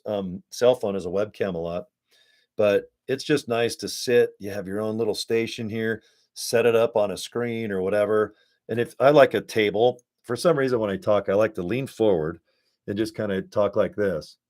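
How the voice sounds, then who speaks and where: An American man giving a casual, rambling pitch to viewers from his home desk, talking through a webcam with chummy asides. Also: moderate pace. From United States. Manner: rambling, chummy, animated asides with acted quotes. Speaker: network marketing promoter. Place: home desk setup with screens and ring light.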